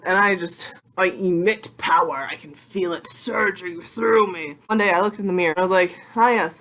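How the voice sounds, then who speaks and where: A young adult woman vlogging casually to her computer webcam, rambling and excitable with self-mocking asides. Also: fairly low pitch. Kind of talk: casual vlog talk to camera.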